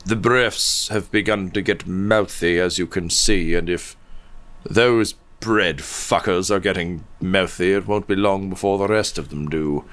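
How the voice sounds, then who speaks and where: A man voicing a pompous old king who speaks slowly and haughtily. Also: low-pitched, a bit bright. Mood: disdainful. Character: pompous old male king, Gwendolyn's father.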